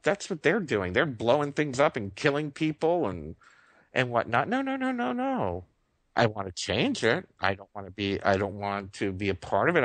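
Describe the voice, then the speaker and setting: A man's voice: fairly low pitch, a bit bright, dry recording. Impassioned man hosting spiritual talk radio. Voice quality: earnest, impassioned, repeats phrases. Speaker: radio show host.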